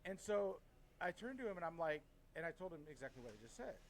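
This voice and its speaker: A middle-aged man from Washington State telling a story in a casual podcast chat, heated, swearing often, and animated. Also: a little high, quick pace, a little hiss or hum, poor audio. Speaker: podcast co-host.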